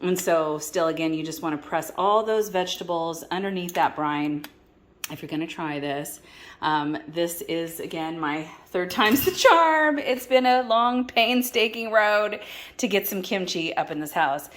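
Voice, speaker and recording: A woman's voice: fairly low pitch, unhurried, fairly bright tone. A woman hosting a cooking vlog, talking in a chatty, rambling and upbeat way. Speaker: cooking vlogger.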